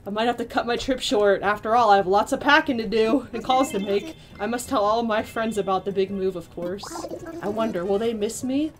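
A woman's voice: fairly high pitch, a little fast, lightly acted. A woman reading aloud the lines of a snooty grown female ostrich villager, prim and dramatic, calling people darling. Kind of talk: reading game dialogue aloud.

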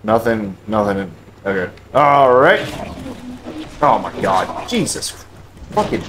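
A man playing a video game live, cursing often and breaking into loud, high-pitched outbursts. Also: animated, slow pace, long pauses, slight background noise. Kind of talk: swearing live game commentary.

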